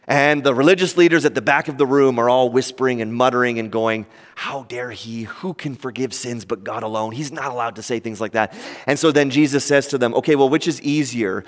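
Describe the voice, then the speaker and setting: A man preaching a sermon in a conversational way, acting out the people he quotes. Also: long reverb tail. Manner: conversational, acts out quoted voices with lively pitch swings.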